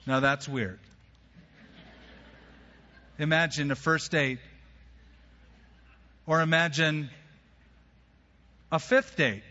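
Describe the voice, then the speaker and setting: A man preaching a sermon, telling the story in a casual, lively way and acting out the characters' lines in everyday phrasing. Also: on the high side, takes it slowly, pauses often. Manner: storytelling, acts out biblical dialogue in casual modern phrasing. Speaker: pastor. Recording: dull sound, long hall reverb.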